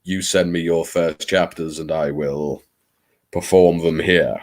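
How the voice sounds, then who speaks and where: A man's voice: low voice, fairly even intonation, slow. A man hosting a late-night live stream, chatting in a theatrical, rambling, self-mocking way.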